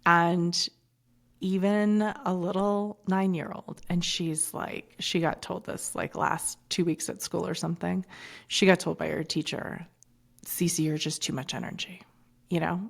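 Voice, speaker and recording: A woman's voice: fairly low pitch, flat delivery, measured pace, gravelly. A woman in her forties in casual podcast chat, talking bluntly and swearing freely, with rambling asides. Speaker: podcast guest.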